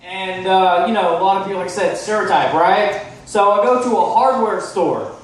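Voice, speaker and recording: Stand-up comic, male, from Texas, high voice, echoey club heard from afar, keeps asking the crowd. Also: normal speed, recorded from a distance. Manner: chatty, asks the crowd "right?" often, swears. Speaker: stand-up comedian. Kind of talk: stand-up set. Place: comedy club stage.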